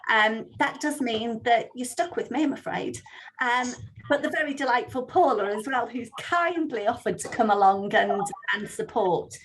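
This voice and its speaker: A woman's voice: fairly high pitch, moderate pace, slight background noise, rough recording. A woman hosting a volunteer meeting on a video call, chatty and friendly, with many ums. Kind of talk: online meeting talk.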